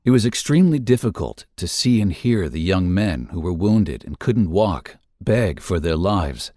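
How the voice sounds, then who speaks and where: A man narrating a first-person memoir in a measured, somber reading for a podcast. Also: low voice, lively intonation, dark tone, no room sound, studio quality.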